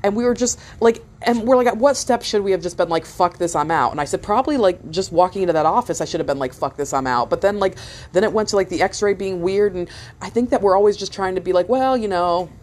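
A woman's voice: medium pitch, quick pace. A woman in her thirties telling a long story in a casual, rambling way, swearing often and stopping to restart her thoughts. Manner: rambling, profane, animated retelling with many fillers.

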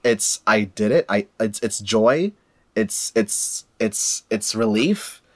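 Animated young man retelling movie scenes. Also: on the low side, slow pace. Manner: animated retelling with frequent fillers and repeated words. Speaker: movie discussion co-host. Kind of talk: casual chat.

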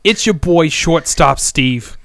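A man's voice: fairly high pitch, expressive, slow, gravelly, fairly bright tone, no room sound, clean studio sound, pitched above the performer's own voice, full character voice. A man putting on a Boston accent to play a swaggering male baseball podcast host. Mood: cocky.

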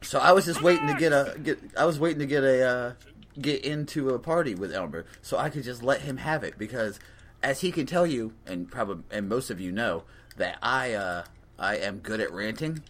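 A young man telling a comedic story in an animated, profane rant, acting out his own lines. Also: medium pitch, brisk, slight background noise. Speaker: storyteller host.

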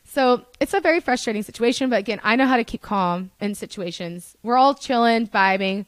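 A young woman telling a casual story as a podcast guest, chatty and animated, swearing freely and saying "like" a lot. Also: fairly high pitch, brisk, dry recording. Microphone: studio podcast mic.

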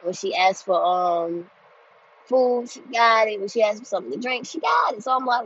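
A woman in her twenties telling a story in a casual monologue, blunt and animated, swearing freely. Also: a little high, moderate pace, a little hiss or hum. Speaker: group home staff telling a story. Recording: dull lo-fi sound.

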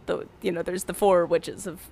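A woman co-hosting a podcast, recapping a film in casual chat, giggling often and acting out the characters' lines in quick voices. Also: fairly low pitch, steady tone, gravelly, darkish tone, breathy edge. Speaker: podcast co-host.

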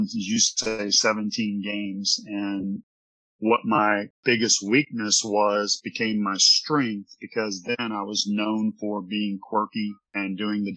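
A former baseball pitcher telling an earnest, rambling story from his office during an interview. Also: pushed and bright, poor audio.

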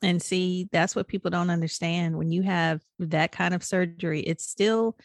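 A woman's voice: on the low side, normal speed, no echo. Candid storytelling woman, dry close sound. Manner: candid, animated storytelling with laughs. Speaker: podcast co-host. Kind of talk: casual chat.

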